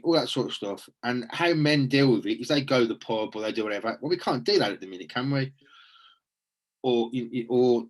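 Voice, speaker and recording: A man hosting a casual, reflective chat, earnest and rambling with frequent restarts. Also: medium pitch.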